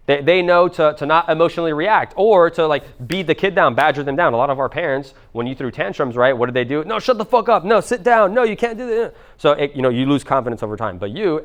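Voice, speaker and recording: Fast-talking casual male coach. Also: mid-range voice, clear, resonant tone. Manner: casual and jokey, swears freely, talks directly to the room. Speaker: business and mindset coach. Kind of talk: live workshop teaching to a small group.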